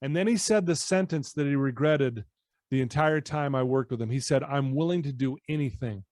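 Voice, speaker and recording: As a podcast guest in his home office, a personal development coach animatedly tells a story and energetically acts out the dialogue. The recording is dry, and his medium-pitched voice moves a little fast.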